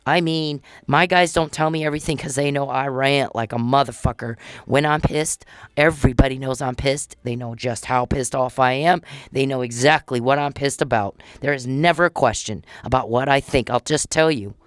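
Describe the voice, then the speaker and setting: A woman's voice: a bass voice, normal speed, no echo, studio quality. Blunt, profane woman ranting. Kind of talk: angry monologue addressed to an official.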